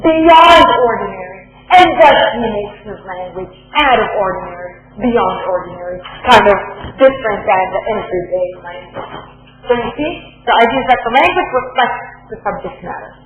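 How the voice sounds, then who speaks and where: The high voice of a woman university lecturer fills a very echoey room, and each word trails off into long reverb. She explains things step by step, repeats her points and keeps checking that her students follow. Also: a bit bright, lo-fi sound. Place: lecture hall.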